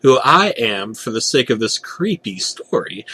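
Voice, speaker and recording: A man's voice: medium pitch, sing-song, measured pace, bright, forceful tone, slightly rough. A young man narrating a parody creepypasta with a sarcastic, profane delivery.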